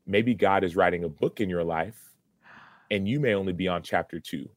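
Man, very low voice, earnest storytelling, restarts, dry close sound. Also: normal speed, no echo. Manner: earnest, retells dialogue with many restarts. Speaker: guest, former football player. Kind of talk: candid personal storytelling.

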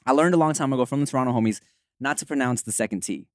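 A man's voice: mid-range voice, rapid-fire, no room sound, studio quality. A man with a Los Angeles accent, hosting a casual chat in a slangy, laid-back way. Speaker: podcast host.

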